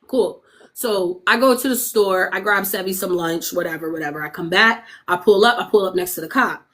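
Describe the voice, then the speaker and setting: A young adult woman livestreaming, telling a story casually to her chat, animated and profane, laughing often and acting out what others said. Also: mid-range voice, fairly quick.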